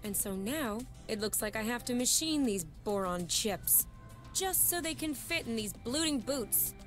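Voiced game dialogue: an upbeat young woman on the run with her lover. Her voice sits a bit high, and she teases easily and sounds relaxed about everything. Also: a little slow, soft background music. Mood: easygoing. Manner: easygoing, teasing.

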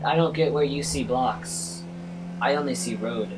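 A man commentating over his gameplay as a taxi driver, swearing constantly and swinging between furious yelling and low muttering. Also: unhurried, background noise. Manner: profane, swings from rage-filled yelling to muttering. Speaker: gamer playing a taxi driver. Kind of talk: let's-play commentary.

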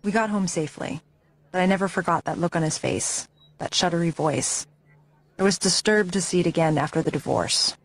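A woman's voice: lowish voice, brisk, no room sound. A woman narrating a memoir audiobook with intense, emotionally charged reading.

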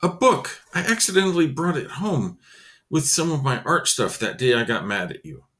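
A man voices a chatty, friendly young boy who talks eagerly, pitching above his own natural voice. The delivery is medium in pitch with big swings, a moderate pace, and a fairly bright tone.

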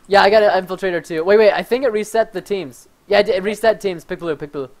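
A young man giving excited, fast-reacting commentary while playing a video game with a friend, often shouting and laughing. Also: high voice. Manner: energetic, shouts and laughs during play. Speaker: gaming video host.

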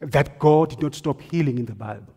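A married man preaching a sermon as pastor, telling stories and swinging between hushed lines and forceful ones. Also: medium pitch, brisk, breathy edge. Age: adult, married.

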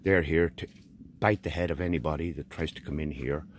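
An Irish vlogger strolls through a forest, chatting and joking casually for his channel. His voice rumbles low and moves fairly quickly, with a faint hiss or hum in the background.

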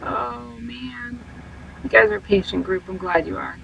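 A woman's voice: fairly high pitch, a little slow, gravelly, lo-fi sound, slight background noise. A woman streaming a game live and chatting to her viewers, self-mocking and full of exclamations. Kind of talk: live gameplay commentary.

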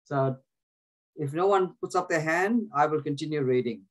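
A man with a fairly high-pitched voice, speaking at normal speed, leads a prayer group, reading scripture and teaching earnestly while often restarting his words. He asks listeners to repeat verses. The recording is rough, with a little hiss or hum.

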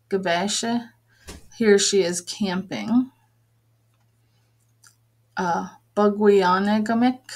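A woman teaching a vocabulary lesson, patiently repeating each word and explaining it, with frequent pauses and fillers. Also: mid-range voice. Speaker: language teacher. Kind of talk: slow, careful vocabulary lesson with repeated words.

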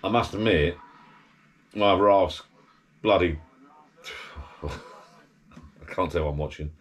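A deep-voiced man chats loosely in his backyard garden bar shed. He rambles and drifts from one tangent to the next in a relaxed, everyday way. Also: slow pace, breathy edge. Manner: rambling, digressive, chatty. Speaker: vlogger. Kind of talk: casual rambling chat.

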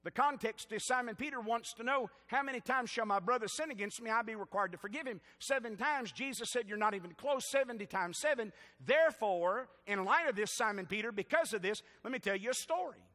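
High, bright-voiced Southern preacher man. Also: brisk, few pauses, long reverb tail. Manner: preaches with rising, stirred-up emphasis and jokes to the congregation. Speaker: pastor. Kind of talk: sermon. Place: church sanctuary.

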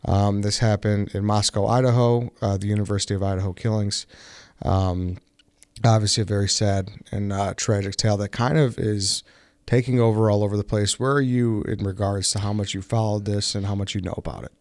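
A young man hosting a podcast, recounting a case in a relaxed, rambling way full of fillers and restarts. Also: on the low side, brisk, dry recording, clean studio sound. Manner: relaxed, filler-heavy storytelling with many restarts. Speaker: podcast host. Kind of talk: casual podcast chat.

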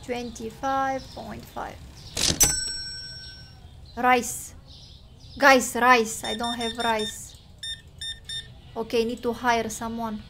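High-pitched excitable woman gamer. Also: very slow, gravelly, pauses often, background noise. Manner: excitable, talks to chat, exclaims loudly and mutters numbers. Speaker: game streamer. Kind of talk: casual gameplay commentary.

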